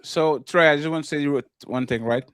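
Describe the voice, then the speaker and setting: A man's voice: a little high, brisk, a bit bright, clean tone, no echo, clean studio sound. A man on a livestream panel telling his side, aggrieved and mimicking others. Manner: aggrieved, mocks others' words. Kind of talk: heated panel chat.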